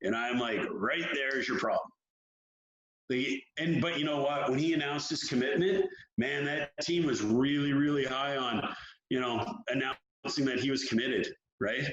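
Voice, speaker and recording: A man who coaches young hockey players, talking frankly and telling stories in an animated way during an interview. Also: mid-range voice, moderate pace. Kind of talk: candid interview talk. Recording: roomy, dull lo-fi sound.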